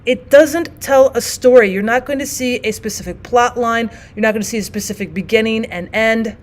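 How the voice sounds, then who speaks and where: Woman teaching a poetry lesson. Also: a little high. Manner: explains step by step, reads poems aloud slowly. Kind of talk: classroom lesson.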